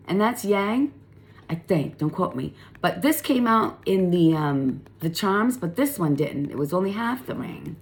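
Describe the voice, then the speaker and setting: A woman giving a casual spiritual tarot reading, chatty and emphatic, laughing often and swearing now and then. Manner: laughs often, lively pitch swings.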